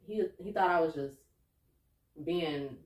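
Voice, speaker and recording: A young woman with a lowish voice talks candidly as a podcast co-host, earnest and then lively and laughing as the stories build. She sits a little back from the mic in an echoey room. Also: slow pace, distant mic. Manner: earnest, turns animated and laughing when telling stories. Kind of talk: candid casual chat.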